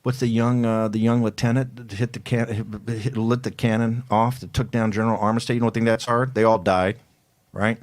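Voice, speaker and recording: A male talk show host haranguing his listeners in a forceful, hectoring way, often repeating himself. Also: medium pitch, steady tone, fairly quick. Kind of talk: fired-up political talk show.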